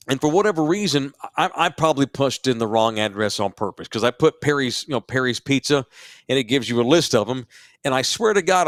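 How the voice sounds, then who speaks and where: A man hosting a talk show, telling a story in an animated, profane and self-mocking way. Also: mid-range voice, no echo, studio quality. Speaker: podcast host. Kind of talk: casual storytelling.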